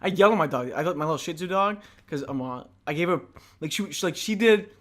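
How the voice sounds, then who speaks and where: A man's voice: a little high, animated, fast talker. A young man co-hosting a casual podcast, rambling through stories with many fillers and frequent laughs. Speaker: podcast co-host. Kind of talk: casual chat.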